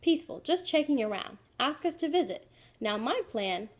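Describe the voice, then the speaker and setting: A woman's voice: high voice, lively intonation, normal speed, voice pushed up. A woman voicing a busy, self-important male president in a storybook reading. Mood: brusque.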